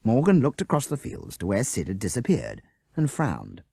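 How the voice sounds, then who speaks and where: A man reading a children's storybook aloud with lively, expressive narration. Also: medium pitch, normal speed, vocal fry, husky, no echo, studio quality. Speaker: audiobook narrator.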